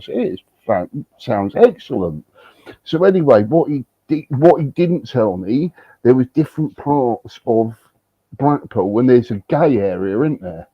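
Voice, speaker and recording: A man telling an animated, swearing story on a livestream chat, full of restarts. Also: mid-range voice, a little slow, breathy edge, no room sound, highs cut off. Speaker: livestream host. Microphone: livestream setup.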